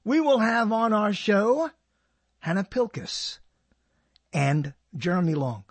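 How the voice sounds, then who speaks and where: An older man hosts his own radio show, rambling and joking to himself in a solo monologue and often breaking off mid-sentence. His voice is high, very animated and slow, with a breathy edge, and the recording is dry.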